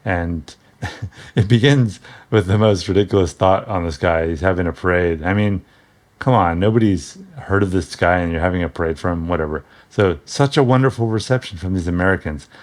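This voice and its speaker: A man with a deep, low-pitched voice talks through an old comic book in a loose, offhand way. He jokes and chuckles as he goes, stopping often on ums and correcting himself mid-sentence. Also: steady tone, normal speed. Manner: rambling, joking, chuckles often; hesitant, frequent ums and self-corrections. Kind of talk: casual comic book commentary.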